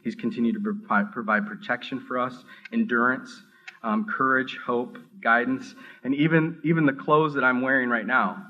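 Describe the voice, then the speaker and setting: A middle-aged man gives a heartfelt personal testimony in an earnest, halting way, stumbling over words and circling back as he speaks. His voice sits at an ordinary pitch, and the recording sounds a little dull and muffled. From Minneapolis area. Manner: earnest, halting, with many restarts and rising excitement. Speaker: seminary student giving testimony.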